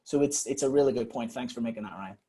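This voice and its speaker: Mellow husky man explaining software. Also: medium pitch, fast talker. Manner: rambling, emphatic repetitions. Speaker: guest software engineer. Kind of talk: technical webinar explanation.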